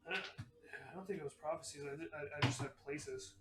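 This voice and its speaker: Male player, slightly high voice, loose and jokey, distant roomy recording. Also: quick pace, heavy background noise. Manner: loose and joking, sometimes sincere in character. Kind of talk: casual tabletop play. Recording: roomy audio from off mic.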